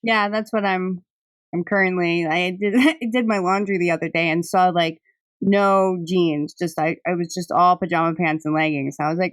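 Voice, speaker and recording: Woman, young adult, podcast host, casual chat, slightly low voice, dry close sound. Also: fairly even intonation, normal speed, no room sound. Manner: chatty, laughs often, many fillers.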